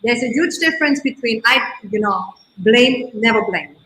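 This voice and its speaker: Bright, emphatic woman guest. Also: on the high side, expressive, normal speed, echoey room, a little hiss or hum, low-quality recording. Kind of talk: casual conversation.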